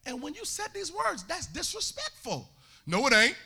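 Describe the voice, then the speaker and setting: Pastor guy preaching in church, high voice, bright, singsong and shouty peaks. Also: normal speed, vocal fry. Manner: animated preaching with sung and shouted climaxes. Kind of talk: sermon.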